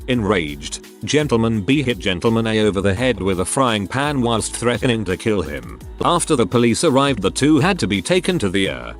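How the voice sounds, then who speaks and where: A man reads online posts aloud in a casual, dry manner, dropping wry little comments between them. His voice sits on the low side yet moves up and down a lot. Soft background music plays under the narration. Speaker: narrator reading Reddit posts.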